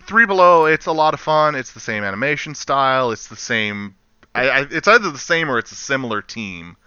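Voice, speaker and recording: A man chatting casually on a podcast, rambling and animated, laughing often. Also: medium pitch, a little fast, smooth, dry recording, dull audio. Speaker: podcast co-host. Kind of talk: casual chat.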